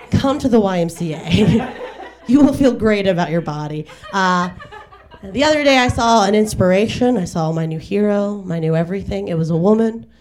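A woman's voice: mid-range voice, darkish tone. A woman performs a stand-up set with a mid-range voice. She delivers wry, self-deprecating lines, breaking into short acted asides. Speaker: stand-up comedian. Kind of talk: stand-up set at a live radio show. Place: garage venue with live audience.

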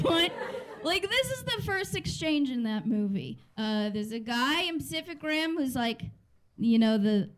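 A woman in her thirties doing a stand-up comedy set in a club, chatty and sardonic, laughing through her lines. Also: sits high. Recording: noisy live club recording.

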